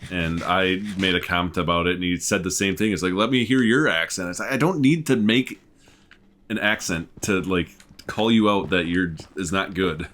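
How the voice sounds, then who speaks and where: Deep-voiced man with dry deadpan remarks. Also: normal speed, slight background noise. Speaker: co-player guest. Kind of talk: casual gaming chat.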